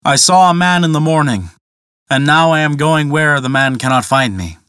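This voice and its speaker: A man's voice: a little high, normal speed, a bit bright, smooth, dry recording, studio quality, close to an everyday voice. A worried, put-upon donkey, read by a man. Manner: worried, complaining. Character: fleeing male donkey, fearful and put-upon.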